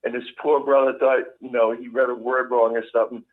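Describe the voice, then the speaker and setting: A man's voice: mid-range voice, flat delivery, fairly quick. A man calling in and telling a funny memory in a plain, easygoing way over a phone line. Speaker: caller. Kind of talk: casual anecdote.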